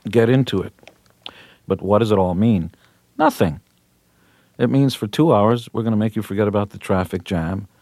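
Brash, boastful man with a low voice. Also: darkish tone, dry recording. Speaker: rock musician guest. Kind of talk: radio interview.

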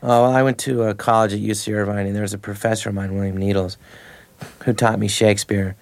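A man's voice: lowish voice, flat delivery, fast, darkish tone. A man in his thirties, a comedian guest, telling stories in a loose, rambling way with restarts and laughs between lines. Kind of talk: casual anecdotal interview.

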